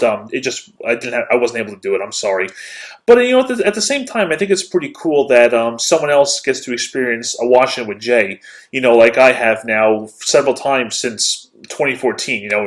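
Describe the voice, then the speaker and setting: A man sending a casual recorded video greeting, hesitant and full of pauses. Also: mid-range voice. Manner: hesitant, lots of ums. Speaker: guest sending a video message.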